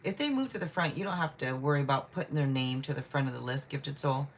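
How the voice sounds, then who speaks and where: With a rumbling low voice and a fast delivery, a woman hosts a tarot livestream over a faint hiss or hum. She reads viewer questions in easygoing chat, naming viewers as she greets them and apologizing frequently.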